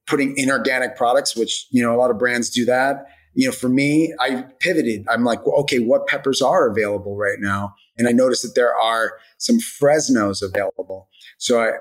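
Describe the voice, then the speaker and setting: On a rough-sounding recording, a medium-pitched man guests on a casual podcast, rambling about the hot sauce brand he founded. He leans heavily on fillers like "like" and "you know."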